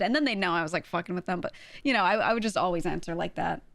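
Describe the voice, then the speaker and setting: A woman's voice: on the low side, very fast, vocal fry, hardly any pauses, no room sound. A young woman streaming, chatting casually with viewers, laughing often and acting out quoted voices.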